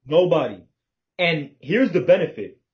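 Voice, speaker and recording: A man's voice: a little high, very animated, unhurried. Emphatic man on a lo-fi call. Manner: emphatic, confident, swears freely. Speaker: business partner. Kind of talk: casual planning chat. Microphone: video call. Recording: dull lo-fi call audio.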